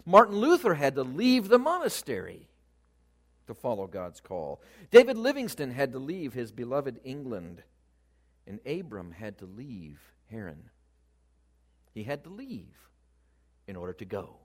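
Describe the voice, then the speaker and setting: Animated male preacher with lively pitch. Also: measured pace. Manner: animated, shifts emphasis and loudness freely. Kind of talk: sermon.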